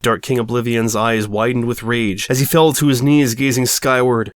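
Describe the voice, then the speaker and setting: A man's voice: medium pitch, fairly even intonation, moderate pace, hardly any pauses, clear, resonant tone, no echo, clean studio sound. A man narrating a story aloud with a wry, mock-dramatic delivery. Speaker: audiobook reader.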